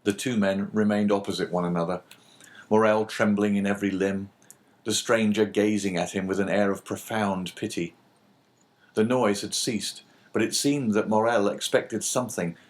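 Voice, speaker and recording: A man reads a classic novel aloud for an audiobook, steady and measured. His voice is fairly low and even, and he narrates plainly without hurrying.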